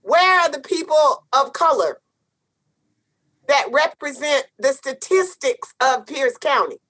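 A high, bright-voiced woman co-hosting a casual talk show. She talks with a sassy, emphatic edge and hammers her points home by repeating phrases. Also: animated, slow. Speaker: co-host. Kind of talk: casual chat.

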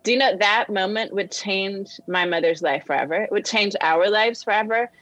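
A woman guest on a discussion show, telling a personal story with animated quoted voices. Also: mid-range voice, moderate pace, no room sound, poor audio. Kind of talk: storytelling in conversation.

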